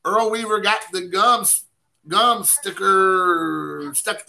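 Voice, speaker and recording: Chatty man with a high, bright, gravelly voice. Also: takes it slowly, rough recording. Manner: rambling, self-deprecating, chatty asides to viewers. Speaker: card collecting channel host. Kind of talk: casual live-stream chat while opening cards.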